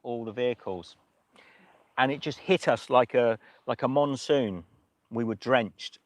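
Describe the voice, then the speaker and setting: A man hosting a livestream, telling a story in a casual, emotional way with many halting restarts. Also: medium pitch, no echo. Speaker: livestream host.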